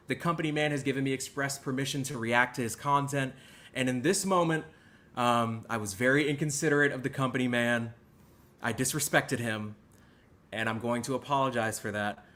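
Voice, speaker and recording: Bright-voiced man, mock-apologetic host. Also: mid-range voice, normal speed. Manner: mock-apologetic, stammering, swings between loud and hushed. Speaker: channel host reacting to clips. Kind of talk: sarcastic reaction commentary.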